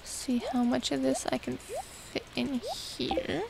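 Slow, gravelly high-voiced young woman. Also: rough recording. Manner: rambling, self-mocking chatter to herself. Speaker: gaming streamer. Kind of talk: casual let's-play commentary. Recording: steady background noise.

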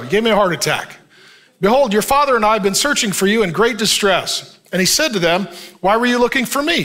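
A man preaching a sermon as pastor, reading scripture slowly and then talking it over in a joking, conversational way that draws the crowd in with "Amen?". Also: sits high. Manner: reads scripture at a slow, even pace.

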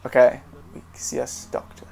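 Over loud music, a young gameplay commentator gives casual let's play commentary at normal speed. He's excitable and jokey, talks to himself, and swears now and then.

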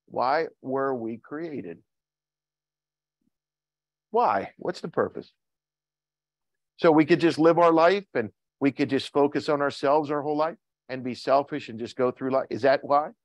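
A man's voice: medium pitch, a little slow, long pauses, no echo. A man preaching a sermon as pastor, reading scripture in King James wording and asking the congregation questions.

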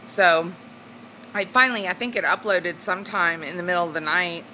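A woman's voice: on the low side, moderate pace, bright, forceful tone, a little hiss or hum, low-quality recording. A woman, chatting casually in her home vlog, bubbly and giggly. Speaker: weight-loss vlogger. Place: at home indoors, then on a swing.

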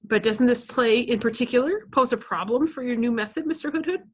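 A woman reading a novel aloud, voicing a stern, dry middle-aged teacher who speaks in a measured, firm and calm way. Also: a little high, husky, pitched above the performer's own voice.

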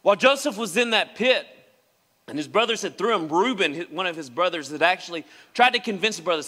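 Male pastor, sermon, dramatic delivery; bright, forceful tone, long church reverb. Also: sits high, expressive, brisk. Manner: dramatic, acts out quoted speech. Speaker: preacher. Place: church sanctuary.

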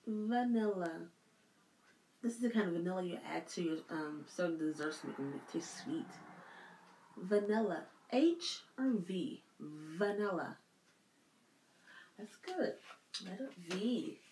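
A woman's voice: fairly low pitch, lively intonation, takes it slowly, pauses often, a little mellow, slight background noise. A woman leading a circle time lesson for young children, asking patient questions. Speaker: preschool teacher. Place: church classroom. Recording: echoey room, faint music.

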